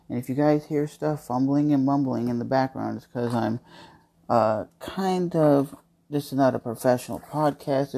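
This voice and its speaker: Man, podcast host, casual monologue, candid, rambling storytelling, home kitchen, mid-pitched voice. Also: gravelly, warm tone.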